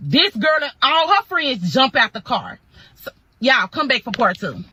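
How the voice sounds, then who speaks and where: A woman's voice: high-pitched, sing-song, a little slow, bright, forceful tone, husky, no room sound, low-quality recording. A woman telling a dramatic storytime in slangy, punchy talk full of sound effects. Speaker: storytime creator. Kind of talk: animated storytime.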